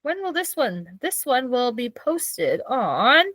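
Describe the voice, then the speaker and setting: A woman's voice: on the high side, big pitch swings, takes it slowly, a bit bright, no echo. A young woman, co-hosting a podcast in casual chat, chatty and giggly as she tells stories. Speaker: podcast co-host.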